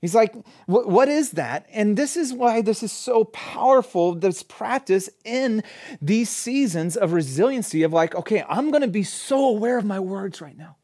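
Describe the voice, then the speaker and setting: Middle-aged guy preaching, chatty and earnest, gets animated with everyday examples. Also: sits high, normal speed. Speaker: pastor. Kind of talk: conversational sermon.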